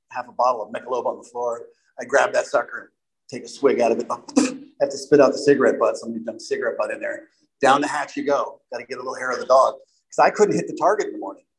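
A man's voice: mid-range voice, vocal fry, poor audio. A middle-aged man giving a candid personal testimony to an audience, rambling and full of "you know" asides. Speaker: speaker sharing a recovery story.

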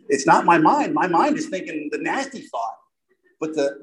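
A man's voice: a little high, expressive, moderate pace, a crowd in the background, rough recording. Chatty man giving a recovery talk. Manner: conversational, self-deprecating, repeats "right?". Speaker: recovery speaker.

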